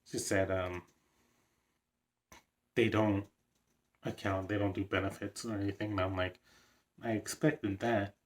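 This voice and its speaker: A young man casually recounting a story in a vlog, rambling with lots of fillers and the odd excited laugh. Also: deep voice, unhurried, long pauses. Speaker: vlogger.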